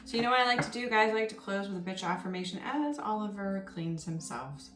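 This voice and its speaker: A woman's voice: mid-range voice, animated, quick pace, a bit bright. A woman tarot reader talking casually and rambling, with many ums and you-knows. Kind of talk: casual spoken tarot reading. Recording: roomy echo with faint music underneath. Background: faint background music.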